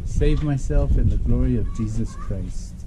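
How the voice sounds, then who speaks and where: A man's voice: medium pitch, a little slow. A man giving a fervent, earnest testimonial in an enthusiastic manner. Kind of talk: spoken testimonial. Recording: loud outdoor background noise.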